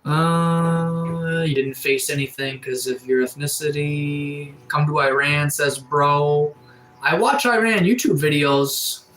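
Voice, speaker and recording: A man's voice: fairly high pitch, takes it slowly, fairly bright tone, a little hiss or hum, poor audio. A man from Atlantic Canada with a cold, casually reading out and answering chat comments on a live stream. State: has a cold. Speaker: livestreamer. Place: sunroom.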